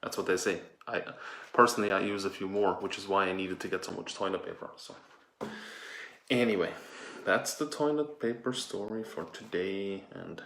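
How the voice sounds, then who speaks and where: A man as a campy toilet paper fashionista, breathless and gushing, low voice, echoey room, faint noise. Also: moderate pace, gravelly, fairly bright tone. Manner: campy, breathless, gushing over his look. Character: vain male toilet paper fashion persona. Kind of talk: improvised comedy sketch. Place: home indoors.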